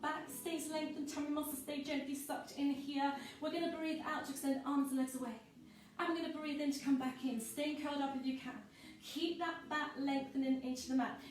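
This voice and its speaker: High-voiced woman leading a pilates class. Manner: calm, encouraging cues timed to breathing. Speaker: pilates instructor. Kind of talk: guided workout instruction. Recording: echoey room from far off with music.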